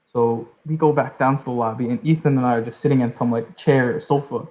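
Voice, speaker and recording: A man's voice: mid-range voice, steady tone, fairly quick, dark tone, poor audio. A young man tells a long story on a podcast. He rambles loosely and keeps checking in with "right?" as he goes. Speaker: podcast host. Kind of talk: casual storytelling.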